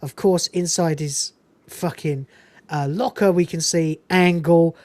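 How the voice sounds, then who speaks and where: A woman hosting a podcast reviews a film, speaking a little slowly in a lowish, darkish voice with fairly even intonation. She's casual and enthusiastic, swears freely, and laughs often, with no room sound.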